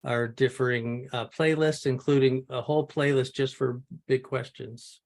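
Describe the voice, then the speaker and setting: Male organizer, fry in the voice, plain and informative on a video call. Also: mid-range voice, fairly even intonation, normal speed. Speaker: organizer who records the programs. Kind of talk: casual chat on a video call.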